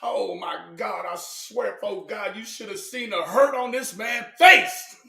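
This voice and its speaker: A man delivering a mocking roast, shouting his punchlines and cackling between jokes. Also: sits high, measured pace, gravelly. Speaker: roast commentator. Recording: echoey room, far from mic.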